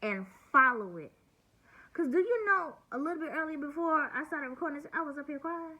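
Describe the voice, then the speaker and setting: Forties woman, vlog rant, sharp bright higher voice, blunt and cussing, hurting. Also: lively intonation, brisk, rough recording. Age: 40s. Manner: blunt, venting, heavy swearing. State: hurt and near tears. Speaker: vlogger. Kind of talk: emotional personal vlog monologue.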